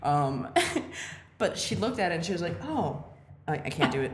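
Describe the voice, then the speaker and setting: A young woman with a low voice tells a rambling, funny story on a podcast. She talks in an animated way, laughing often and filling gaps with "like". The room around her sounds echoey. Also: moderate pace, very noisy. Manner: animated, laughing, many fillers. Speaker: podcast guest. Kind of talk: casual storytelling chat.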